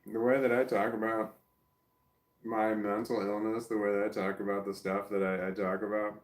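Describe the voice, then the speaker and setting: With a voice on the low side that barely moves in pitch, this vlogger speaks at a moderate pace, musing casually to his camera. He rambles, drops sentences and begins again, baby-talks softly to his dog, and the room echoes.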